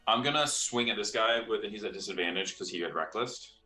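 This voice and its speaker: A man playing a tabletop game, chatty, thinking aloud and counting his dice out loud. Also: on the low side, fairly quick, faint music behind. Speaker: player. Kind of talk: tabletop gaming chat.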